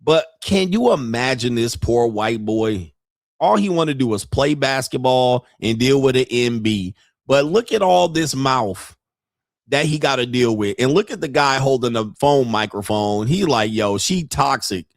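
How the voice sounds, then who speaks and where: A man's voice: medium pitch, expressive, measured pace, dry recording, studio quality. A man hosting a reaction video, giving brash, crude commentary and mocking the people he watches. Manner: brash, laughing, mock-quoting others.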